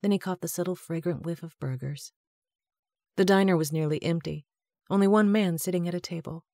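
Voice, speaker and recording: Woman, audiobook narration, mellow, steady storytelling, dry recording. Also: fairly low pitch, brisk, dry recording. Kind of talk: scripted narration.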